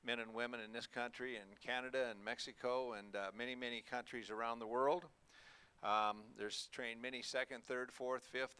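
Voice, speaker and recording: A man who runs an auction school, addressing an audience at a hotel event in a folksy, halting way with many fillers. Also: mid-range voice, sharp tone, clean tone. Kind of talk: speech to an audience.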